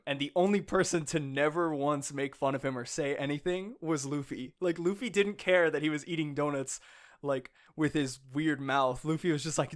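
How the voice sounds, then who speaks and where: This is an excitable man co-hosting a podcast, with a voice pitched a touch higher than most men's. He laughs often and swears freely. He acts out the lines he retells. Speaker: podcast co-host. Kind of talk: casual chat.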